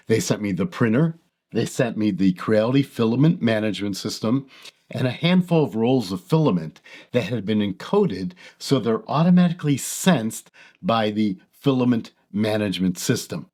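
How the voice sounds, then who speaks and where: An older man with a gravelly, hoarse voice from illness, hosting a product review in a measured, explanatory way. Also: lowish voice, lively intonation, a little mellow. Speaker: host.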